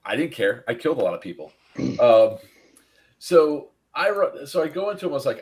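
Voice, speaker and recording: With a mid-range voice and a slightly quick pace, this male podcast host tells a story on a casual live stream. He is animated, laughs often, and performs the voices of people in his anecdote.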